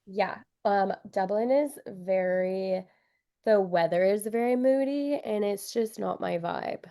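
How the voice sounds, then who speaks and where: A young woman chatting on a podcast in a slow, unhurried way. She sounds upbeat and giggly and uses plenty of filler words. Her voice sits at a middle pitch. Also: dark tone. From Wisconsin. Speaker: podcast guest. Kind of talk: casual chat.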